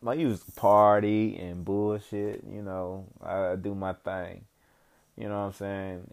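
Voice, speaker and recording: Young guy, lowish voice, easygoing and profane, casual vlog monologue full of slang. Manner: laid-back, rambling, heavy swearing and slang, frequent "you know what I'm saying". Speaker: vlogger giving life updates.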